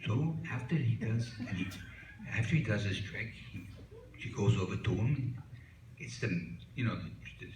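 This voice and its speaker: A man's voice: on the low side, slight background noise. An older man doing a stand-up routine, a rambling, folksy joke teller who leans on "you know" fillers. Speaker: stand-up comic. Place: small comedy club stage. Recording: echoey room from far off.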